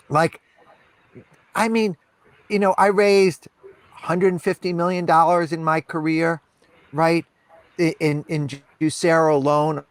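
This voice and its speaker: A man talking as a podcast guest, telling candid stories with emphasis, repeating phrases and filling with "you know" and "right". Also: fairly high pitch. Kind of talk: candid conversational storytelling.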